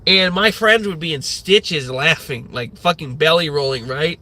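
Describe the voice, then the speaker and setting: A man's voice: on the high side, a little slow, sharp tone, no echo. A man in his thirties hosting a livestream, ranting in a rambling way with lots of swearing and filler words. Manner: rambling, profane, many fillers. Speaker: livestream host.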